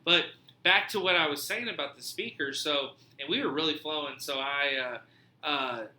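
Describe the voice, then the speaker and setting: A man hosting a podcast, telling a story in a casual, animated way, swearing freely and acting out what people said. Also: on the high side, moderate pace, reverberant. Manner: animated, profane, acts out quoted dialogue. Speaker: podcast host.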